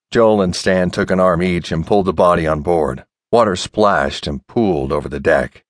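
A man narrating an audiobook in a measured, expressive reading. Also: deep voice, dry recording, studio quality. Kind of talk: scripted narration.

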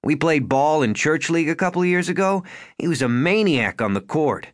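A man's voice: on the high side, animated, brisk, dry recording, studio quality, voice pushed up, natural voice. Man playing a blunt worried husband. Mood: tense.

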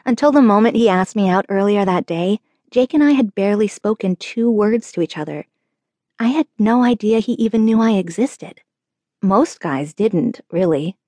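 A woman narrating a young-adult novel in the first person, with measured, earnest storytelling. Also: mid-range voice, animated, warm tone, no echo. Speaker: audiobook narrator.

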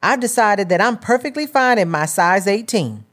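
A woman's voice: medium pitch, lively intonation, normal speed, fairly bright tone, voice pushed up. A woman narrator voicing a plain-spoken, teasing church-going sister with a sassy, folksy manner. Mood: joking.

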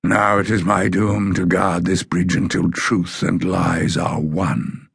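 A man voicing a grim, bewitched male bridge guard in a storybook, with a low, rasping voice and slow, flat delivery. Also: no room sound, studio quality, heavily acted.

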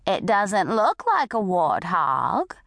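A woman voicing a sweet, unflappable tall old woman, speaking politely and slowly. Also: mid-range voice, creaky, no echo, studio quality, exaggerated voice. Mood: calm, polite. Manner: polite, calm, slow and drawn-out.

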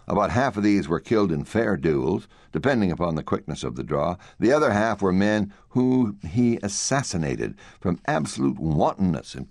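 A man narrating a classic story for an audiobook in a measured storytelling manner, recorded on a close studio mic. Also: deep voice, darkish tone, no echo. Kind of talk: scripted narration.

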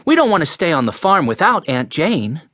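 A man's voice: fairly high pitch, sing-song, normal speed, fairly bright tone, no room sound, clean studio sound. Man doing a sensible young girl. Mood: earnest. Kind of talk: audiobook character voice.

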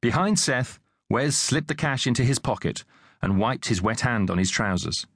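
Expressive male audiobook narrator. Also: mid-range voice, gravelly, breathy edge, no room sound, clean studio sound. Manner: measured, expressive reading.

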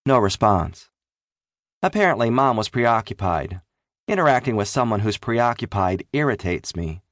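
A man's voice: lowish voice, very animated, normal speed, fairly bright tone, no room sound. A man narrating an audiobook in the first person, with a dry, wry delivery.

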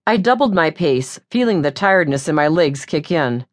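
A woman narrating a first-person audiobook in a wry, lively way. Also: low-pitched, normal speed.

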